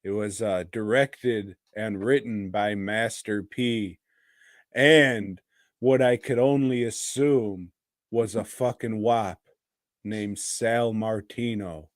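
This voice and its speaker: A man's voice: fairly low pitch, steady tone, slow, no room sound, clean studio sound. A man co-hosting a podcast, chatting in a crude, profane, rambling way. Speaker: podcast co-host. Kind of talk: casual podcast chat.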